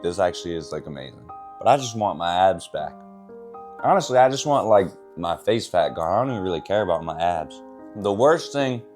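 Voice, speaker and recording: Low-voiced joking young man vlogging. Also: a little mellow. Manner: self-mocking, joking, laughs often. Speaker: fitness vlogger. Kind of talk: casual self-filmed vlog.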